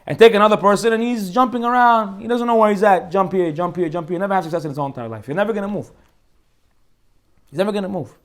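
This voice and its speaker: A man teaching an informal Torah class as a rabbi, animated and joking as he acts out the people in his stories. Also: high-pitched, fast talker.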